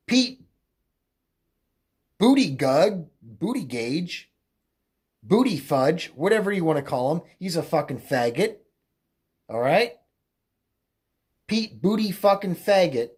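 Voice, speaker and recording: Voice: mid-range voice, sing-song, slow, long pauses, darkish tone, husky. A political commentary host ranting alone in a mocking, crude way, rambling with fillers, self-corrections and frequent laughter. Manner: mocking, crude, laughs often at own jokes. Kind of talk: opinionated solo rant.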